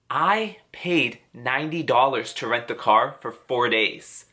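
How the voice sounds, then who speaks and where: A man's voice: medium pitch, expressive, a little slow, hardly any pauses, pushed and bright. A young man telling an angry storytime rant to camera, heated and indignant. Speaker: vlogger.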